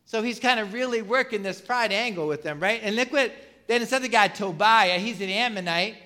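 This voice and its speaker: A man preaches a sermon in a loose, talkative way and keeps asking his listeners questions. His voice sits high and sounds bright and forward. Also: a little fast. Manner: conversational preaching with rhetorical questions and fillers. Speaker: pastor.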